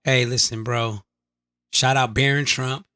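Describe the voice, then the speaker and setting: A man co-hosting a podcast, joking loudly and casually, swinging between high yells and low mumbles. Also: level tone, a little slow, clear, resonant tone. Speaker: podcast co-host.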